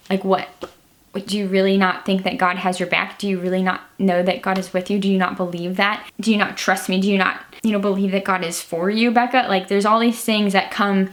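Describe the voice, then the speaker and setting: A young woman with a Midwestern American accent, a teacher sharing Bible reflections in a chatty, rambling vlog talk. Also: mid-range voice. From Illinois. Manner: chatty, rambling, many "like" fillers. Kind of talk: casual devotional vlog talk.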